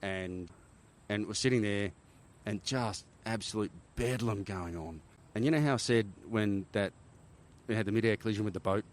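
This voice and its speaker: A middle-aged Australian man, a former army helicopter pilot, telling animated stories in a casual interview, often checking in with "right?". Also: lowish voice, moderate pace. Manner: animated war-story telling, frequent "right?" tags.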